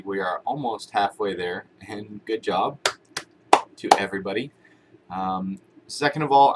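A man's voice: on the low side, fairly bright tone, slight background noise. A man giving a casual motivational talk to camera as a vlogger, conversational and repetitive, using everyday examples. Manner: conversational, repeats phrases, uses everyday examples. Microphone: camera-mounted shotgun mic.

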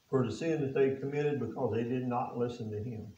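A man's voice: mid-range voice, fairly quick, mellow. A man preaching a sermon as pastor, asking the congregation rhetorical questions, reading scripture aloud in old biblical wording and talking in plain, folksy speech. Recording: echoey, distant and dull-sounding.

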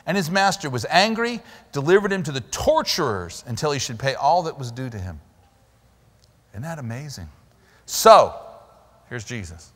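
A man preaching a sermon as pastor, animated and emphatic, in a church sanctuary. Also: medium pitch, moderate pace. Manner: animated, emphatic preaching with sudden loud stresses. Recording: long hall reverb in a church.

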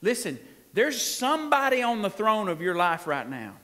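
A man's voice: high voice, very animated, moderate pace, pushed and bright. A man preaching a sermon as pastor, folksy and emphatic, drawing responses from the congregation. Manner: folksy, emphatic, with frequent laughs and call-and-response. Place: church sanctuary. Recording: long hall reverb in a church.

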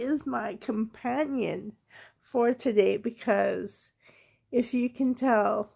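Woman vlogger, hoarse with a cold, slow and soft-spoken, laughs a lot. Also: on the high side. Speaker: reborn doll hobby vlogger. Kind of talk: casual vlog chat to viewers.

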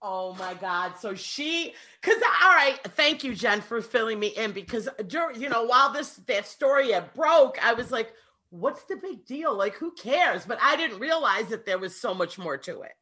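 A woman co-hosts a casual chat in a bright voice that rises and falls a lot. She reacts to the talk with open, expressive exclamations. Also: on the high side, moderate pace. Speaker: podcast co-host.

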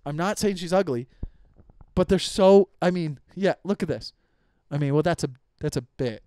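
A young man rants on his comedy podcast in a slightly high voice, swearing freely and tripping over his own sentences as he restarts them. The sound is close and dry, with no room around it. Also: moderate pace, warm tone, clear, resonant tone, dry recording. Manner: profane, rambling with many restarts. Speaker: podcast host. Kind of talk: casual comedic rant.

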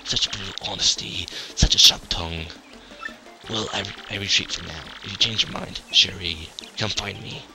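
A man's voice: low voice, steady tone, moderate pace, sharp tone, faint music behind, exaggerated voice. A man voicing a flirty, pompous male character with a put-on French accent, reading game text. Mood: pompous flirting. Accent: fake French. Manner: theatrical, pompous.

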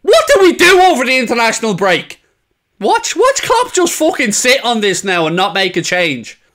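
A young man reacting to football highlights, heated and swearing freely. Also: huge pitch swings, normal speed, a bit bright. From England. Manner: heated, swearing, frequent outbursts. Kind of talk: casual match reaction commentary.

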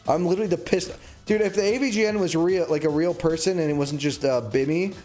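A man's voice: fairly high pitch, fast talker, a little mellow, faint music behind. A man in his twenties, a streamer in casual live chat, ranting in an agitated, rambling way with many restarts. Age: 20s.

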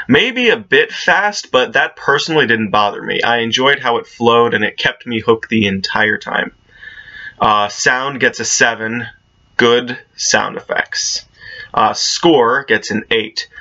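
A man talks through a movie review in an easygoing way, dropping filler "uh"s as he goes. His voice is bright and sharp. The recording sounds dull and lo-fi, like a home setup. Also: medium pitch. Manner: relaxed, many filler "uh"s, laughs easily. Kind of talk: casual movie review monologue.

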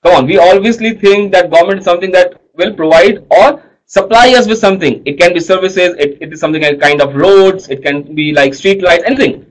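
High-voiced coaxing man teaching economics. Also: a little fast, low-quality recording. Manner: coaxing, checks understanding often. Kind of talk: online class lecture.

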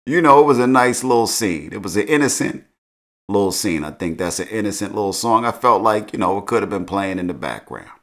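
A man's voice: on the low side, animated, a little fast, a bit bright. A middle-aged man casually recapping a TV episode in slangy, laid-back talk, laughing at his own jokes. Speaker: show recap host.

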